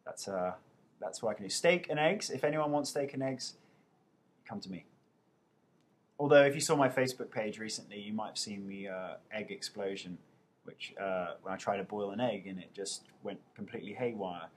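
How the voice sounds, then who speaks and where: A man's voice: fairly low pitch, normal speed, a little hiss or hum. A young man with an English accent, casually answering viewers' questions over a webcam, chatty and poking fun at himself. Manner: chatty, self-mocking, playful.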